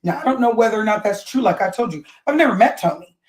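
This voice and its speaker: A woman at a middle pitch hosts a casual gossip livestream. She chats loosely and reads out posts and text messages for her viewers. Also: animated, quick pace, rough recording. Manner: chatty, reads out posts and texts. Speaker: host.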